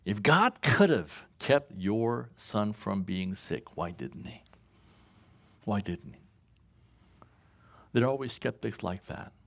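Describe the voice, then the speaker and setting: A man's voice: slow pace, gravelly, long pauses. A man preaching a sermon, reading scripture and asking the congregation to finish his lines, chuckling often. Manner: call-and-response questions to congregation, chuckles often; reads scripture aloud, rises in pitch when animated. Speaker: pastor.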